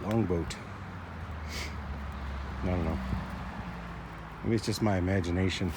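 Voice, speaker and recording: A man's voice: deep voice, steady tone, unhurried, pauses often. A man in his forties vlogging casually outdoors, rambling in a chatty, self-mocking way with little asides. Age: 40s. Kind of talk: casual vlog narration. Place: outdoors, windy lakeside walk and parked car. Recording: wind and traffic noise outdoors.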